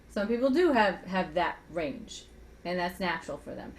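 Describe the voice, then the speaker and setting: A woman's voice: fairly low pitch, sing-song, normal speed. A woman voice coach, once a singer, talking in a chatty teaching style and asking rhetorical questions as she explains how to use the voice. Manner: speaks with a singer's trained voice. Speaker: voice coach guest. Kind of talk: conversational teaching with vocal demonstrations.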